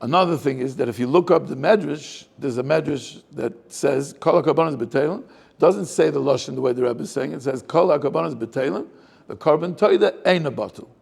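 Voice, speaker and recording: Gravelly-voiced rabbi probing a text. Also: male voice, a little high, fairly quick, darkish tone. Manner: probing, asks many rhetorical questions. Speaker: rabbi teaching a class. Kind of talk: Torah class, questioning the text aloud.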